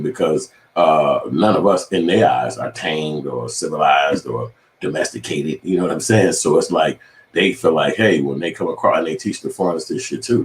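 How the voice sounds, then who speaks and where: A man's voice: extremely low pitch, reverberant. A man giving heated, profane commentary on the news, talking in an impassioned rant.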